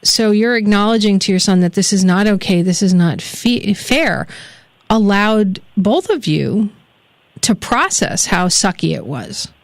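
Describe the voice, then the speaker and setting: A woman's voice: medium pitch, lively intonation, measured pace, dry recording. A woman hosting a live radio talk show, introducing her guest and asking questions with upbeat, enthusiastic patter.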